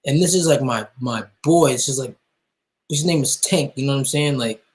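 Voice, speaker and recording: A young man, a musician guest, telling his personal story with emotion, halting and full of restarts and fillers. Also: mid-range voice, rough recording.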